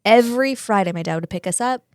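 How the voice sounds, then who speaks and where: A woman's voice: mid-range voice, fast talker, no echo, studio quality. A woman in her forties from Southern California chatting casually on a podcast, rambling with many fillers and some swearing.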